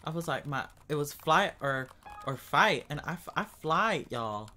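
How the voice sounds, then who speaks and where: A man's voice: on the high side, lively intonation, measured pace, pushed and bright, faint music behind. A man giving casual, dramatic gaming commentary, chatting to his viewers as y'all and breaking into screams when scared. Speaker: gaming streamer.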